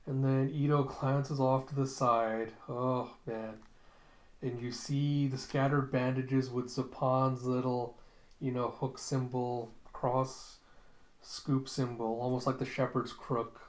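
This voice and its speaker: Guy rambling thru a manga recap, middle pitch, echoey room. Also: level tone, slow pace. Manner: loose, rambling, with fillers. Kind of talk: casual comic recap. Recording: roomy echo.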